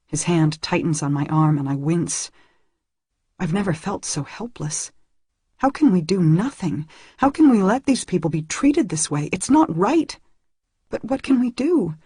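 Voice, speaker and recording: A woman's voice: on the low side, expressive, a little slow, mellow, husky, dry recording, clean studio sound. A woman reading a first-person novel aloud in an earnest way that rises when the story grows tense. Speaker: audiobook reader.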